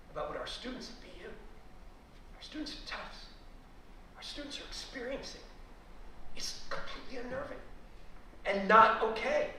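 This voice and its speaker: A middle-aged man from the United States with a New York accent, giving an animated storytelling talk to an audience as a guest historian. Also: sits high. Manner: animated, storytelling with rising emphatic peaks. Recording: very echoey room, speaker far from mic.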